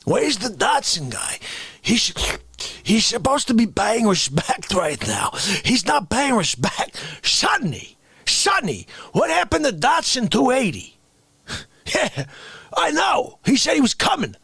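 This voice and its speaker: A man putting on a raspy, indignant ranting character who grills people, bursting into shouts. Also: very high voice, wildly swooping pitch, takes it slowly, no room sound, pitched above the performer's own voice, heavily acted. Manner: shouting outbursts, mock-interrogating, rambling hypotheticals. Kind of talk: comedic character rant on a livestream.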